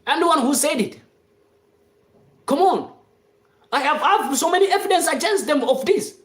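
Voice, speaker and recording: A live-stream commentator giving an impassioned, off-the-cuff monologue to followers, insistent and repetitive, sometimes rising to shouts. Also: sits high, expressive, moderate pace, echoey room. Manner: fiery and insistent, repeating phrases, rising to shouts.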